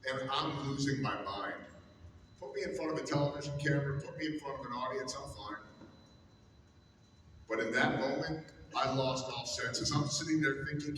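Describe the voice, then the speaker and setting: A broadcaster giving a humorous, self-deprecating storytelling speech to a live audience in a large hall. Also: male voice, mid-range voice, fairly bright tone, slight background noise. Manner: self-deprecating, comic anecdotes. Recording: echoey hall, distant mic, faint ambience.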